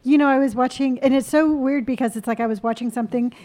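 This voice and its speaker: A young woman with a Californian accent in casual chat, easygoing and quick to laugh. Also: sits high, steady tone, mellow. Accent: Californian American.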